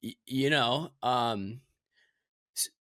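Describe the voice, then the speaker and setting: A man co-hosting a podcast, chatting casually, joking and stammering through deadpan bits. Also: medium pitch, extremely slow, dry recording, clean studio sound. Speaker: podcast co-host. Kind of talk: casual chat.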